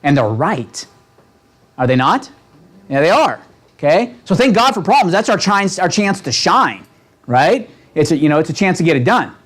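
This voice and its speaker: A man leading a real estate training seminar, talking with a lively, coaching manner and checking in with the room constantly. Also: sits high, moderate pace. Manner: animated, asks the room constant "right?" questions. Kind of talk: motivational seminar talk. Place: seminar room with a live audience.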